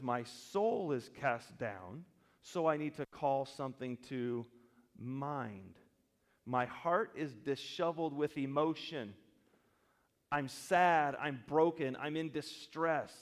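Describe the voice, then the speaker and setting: A man preaching a sermon as pastor, switching between loud emphatic stretches and quiet, slow reflective passages, with humorous asides. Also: mid-range voice. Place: church sanctuary. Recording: long church reverb.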